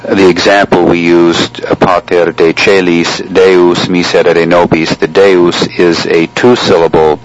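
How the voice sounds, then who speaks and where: Very deep-voiced, slow-talking male chant teacher. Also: dull audio. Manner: measured, explanatory, with frequent pauses. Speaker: chant instructor. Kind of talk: spoken lesson on chant.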